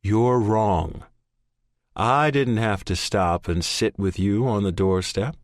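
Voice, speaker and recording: A steady, earnest middle-aged father, as a male narrator puts him on, speaking in a deep, measured tone. His words come slow and firm. The sound is close and dry, as in an audiobook booth. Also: no room sound. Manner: earnest and measured, rising to stern. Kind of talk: audiobook character voice.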